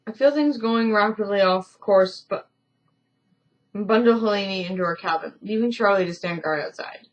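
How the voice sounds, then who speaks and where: A woman's voice: medium pitch, normal speed, muffled recording. A woman streaming a story game, reading its narration aloud with casual, self-deprecating asides. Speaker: let's-play streamer.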